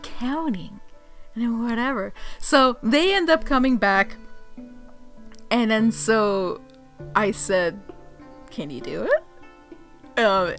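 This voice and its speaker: Casting: lively higher-voiced woman from Puerto Rico, chatty vlog storyteller, faint music under her. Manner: animated, laughing often, acts out quotes. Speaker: vlogger.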